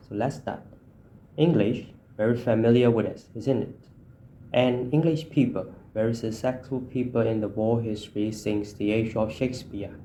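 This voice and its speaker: A man giving a class presentation, reading slide points in short, halting phrases. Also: on the low side, warm tone, slight background noise. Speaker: student presenter.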